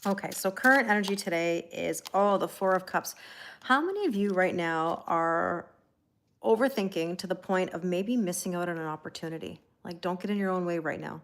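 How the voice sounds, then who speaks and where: A woman's voice: lowish voice, moderate pace, a bit bright. Chatty woman giving a live tarot reading. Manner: chatty and reassuring, laughs often, reads out viewer comments. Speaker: tarot reader hosting a livestream.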